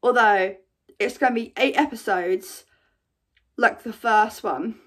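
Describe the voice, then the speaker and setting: A woman's voice: a little high, takes it slowly, fairly bright tone. A woman reacting in a vlog, gushing and tripping over her words. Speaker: vlogger.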